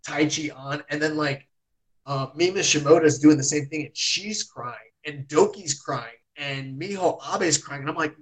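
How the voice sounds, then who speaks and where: A man in casual chat, retelling a match as an excitable storyteller who fills his talk with "like" and swears freely. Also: a little high, unhurried, rough recording. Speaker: podcast host reviewing wrestling.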